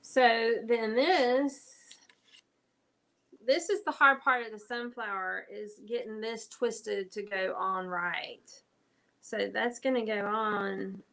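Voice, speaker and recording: A woman's voice: fairly high pitch, takes it slowly, fairly bright tone. A woman hosting a live craft stream, chatting to viewers as she paints. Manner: chatty, talks straight to viewers while working. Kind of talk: casual live-stream chat.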